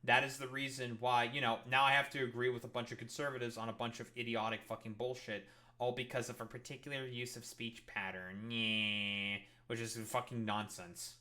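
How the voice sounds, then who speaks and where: A man's voice: medium pitch, little pitch movement, brisk, sharp tone. A man streaming a reaction to a clip, ranting about politics with constant swearing and mocking exasperation. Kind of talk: profane political rant.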